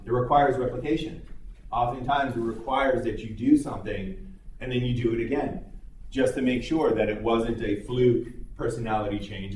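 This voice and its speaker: A psychology instructor with a medium-pitched, darkish voice lectures his class in a conversational, explanatory style with occasional fillers. The room is echoey and the mic sits far away.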